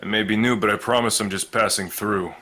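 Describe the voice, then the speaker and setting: A man plays his character at a tabletop game, hesitant and chatty between polite in-character lines. His voice sits fairly low but sounds bright and forward. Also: steady tone, fairly quick. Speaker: player.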